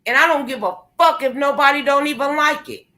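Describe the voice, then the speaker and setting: In a brisk, high, sharp voice, a woman vlogger lets loose with an angry, profanity-filled rant aimed directly at the camera. She's indoors, speaking straight into her computer mic with a confrontational edge.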